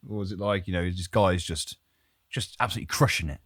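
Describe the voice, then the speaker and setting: A man's voice: low voice, fast talker, a bit bright, breathy edge, no echo, studio quality. A man, co-hosting a podcast and telling a story in a casual, jokey way, with frequent laughs and rambling asides.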